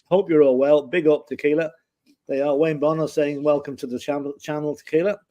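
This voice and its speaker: A man's voice: a little high, flat delivery, fairly quick, mellow, dull audio. A man from Ireland co-hosting a casual sports livestream, with a dry, wry humor. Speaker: livestream co-host.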